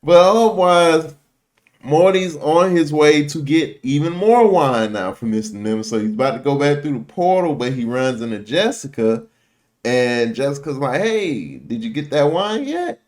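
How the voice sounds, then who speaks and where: A man with a fairly high voice runs through a cartoon episode in loose, swear-heavy slang. He keeps dropping into quick impressions of the characters as he tells it, in the easy rhythm of a casual reaction video. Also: animated, a little mellow. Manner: profane, slangy storytelling that acts out characters' lines.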